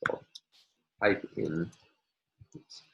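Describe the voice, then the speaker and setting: A man's voice: very slow, bright, forceful tone, lo-fi sound. A man giving a recorded linguistics lecture, explaining step by step with frequent ums and uhs as he annotates on screen.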